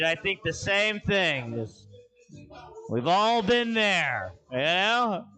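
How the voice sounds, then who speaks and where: A man hosting a comedy show on a club stage, joking about the last set and hyping up the next act. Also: sits high. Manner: hyped, introduces acts with shouts.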